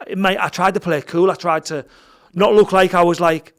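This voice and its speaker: A middle-aged man tells a story in a casual podcast chat, with a voice that sits fairly high for a man. He swears a lot and acts out what each person said. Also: fairly even intonation, a little fast. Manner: swears freely, tells the story with quoted dialogue. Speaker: guest, fighter and gym owner.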